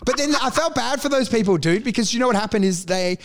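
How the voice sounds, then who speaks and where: A man's voice: extremely high pitch, lively intonation, fast. A man, rambling and swearing as he tells stories in casual banter. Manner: rambling storyteller, swearing, laughing.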